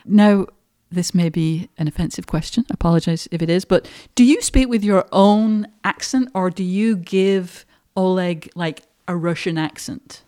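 A woman's voice: fairly low pitch, a little slow, hardly any pauses, mellow. A woman hosting a podcast interview, asking curious, loosely phrased questions in casual chat. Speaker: podcast host.

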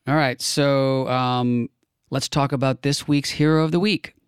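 A man co-hosting a casual political chat show, relaxed and chuckling, thinking aloud with frequent fillers. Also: mid-range voice, measured pace, background noise. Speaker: podcast co-host.

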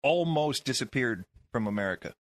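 A man's voice: medium pitch, animated, normal speed, no room sound. A man on a radio talk show who explains points while stammering over repeated words.

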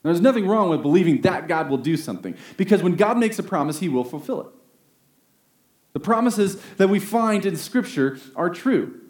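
A man delivers a sermon in a somewhat high voice. He is earnest, climbs to emphatic peaks and slows down to stress key phrases. His voice echoes through a roomy space. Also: expressive, a little mellow. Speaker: pastor. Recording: roomy echo.

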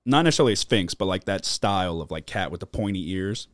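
Here a podcast host, a man with a low, expressive voice, talks fast through meandering anecdotes full of curse words and filler. The studio-quality audio carries no room sound.

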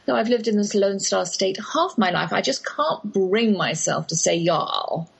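A woman's voice: mid-range voice, lively intonation, measured pace, creaky, slightly rough, low-quality recording. A middle-aged woman with an English accent, hosting a radio show in a rambling, anecdotal talk with devotional asides. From England. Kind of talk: chatty radio monologue.

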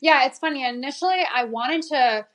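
A woman's voice: high voice, moderate pace, a bit bright. A woman guest on a podcast, a food critic from the United States, chatting casually, laughing often and restarting her sentences. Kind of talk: casual chat.

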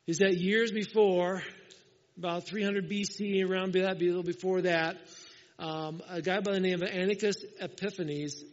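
A high-pitched man preaches a sermon, telling the story with life and acting out the voices of the people in it. His voice rings through a big hall with a long tail of reverb. The sound is slightly dull and muffled. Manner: lively storytelling, acting out quoted lines. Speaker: pastor.

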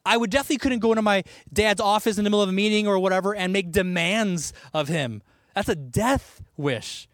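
A man preaching a sermon in a conversational, animated way, with asides and laughs. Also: sits high, a little fast, no room sound, studio quality. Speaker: pastor.

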